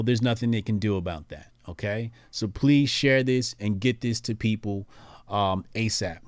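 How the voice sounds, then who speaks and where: A laid-back man hosting a livestream and reading out viewer messages. His voice sits at a middling pitch, and his rambling talk is full of fillers. The recording is dry with no room echo. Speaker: livestream host.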